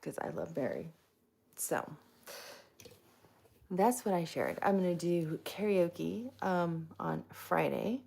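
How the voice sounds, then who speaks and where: Low-voiced woman on a live stream, gravelly, swoops up and down a lot, chatty. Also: expressive, takes it slowly, pauses often, mellow. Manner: chatty, greets viewers by name; self-mocking and giggly. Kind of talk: casual live stream chat.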